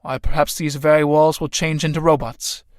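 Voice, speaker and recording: A man's voice: fairly high pitch, level tone, moderate pace, no echo, clean studio sound, lightly acted. A man voicing an uneasy male scientist who muses aloud in a read-aloud play.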